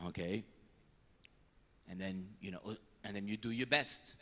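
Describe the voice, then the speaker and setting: A priest giving a lively sermon on confession, acting out penitents and priests in short voices. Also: male voice, fairly low pitch, unhurried, in a large hall. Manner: animated storyteller, slipping into voices of penitents and priests.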